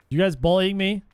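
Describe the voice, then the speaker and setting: A man's voice: high voice, a little hiss or hum. A young adult man streaming a game, chatting casually and joking back and forth with his live chat. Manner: playful, bantering with chat. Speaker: gaming streamer.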